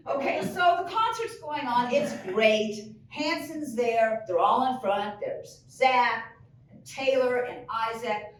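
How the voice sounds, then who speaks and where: A woman in her fifties telling a comedic story live on a pub stage, animated with loud exclamations. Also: sits high, slight background noise. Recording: echoey pub room, mic far off.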